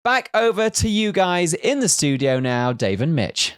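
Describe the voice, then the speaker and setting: Recap presenter, male, slightly high voice, dry sound, playful asides. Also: very animated, unhurried, clean tone, dry recording. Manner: jokey, teasing asides. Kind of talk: scripted race recap.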